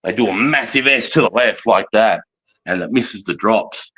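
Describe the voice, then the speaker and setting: An Australian man in his forties, talking in a somewhat low voice. He tells army stories in a loose, rambling way, swearing constantly. He breaks into laughter often. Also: moderate pace, bright, forceful tone, breathy edge. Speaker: army veteran telling war stories. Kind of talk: casual storytelling chat.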